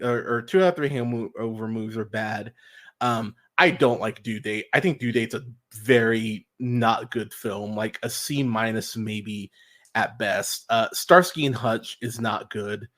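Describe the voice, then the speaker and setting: A man's voice: mid-range voice, unhurried, a bit bright. A man hosting a movie podcast, rambling through his opinions with lots of fillers, restarts and swearing, and mocking people he quotes. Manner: mocking voices when quoting others. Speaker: podcast host. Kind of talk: casual solo movie commentary.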